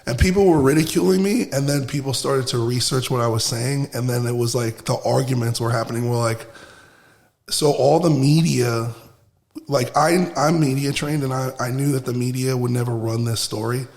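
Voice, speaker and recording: A man's voice: medium pitch, steady tone, moderate pace, darkish tone. A man from Brooklyn, a podcast guest telling stories emphatically, with frequent restarts and profanity. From Brooklyn, USA. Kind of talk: casual podcast conversation. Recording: roomy with long reverb.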